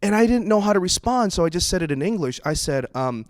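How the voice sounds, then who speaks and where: A young man doing a stand-up comedy set. He talks in a casual, profane way and breaks into loud, exasperated outbursts. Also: high-pitched, quick pace, no room sound, studio quality. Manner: animated, swings into loud exasperated bursts; profane, conversational.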